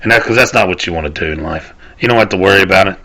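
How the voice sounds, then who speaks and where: A man hosting his own podcast, from the Southern US, launches into a loose solo rant full of rambling and swearing, frequently trailing off and restarting. His voice is low-pitched, bright, and forceful, and he talks rapid-fire.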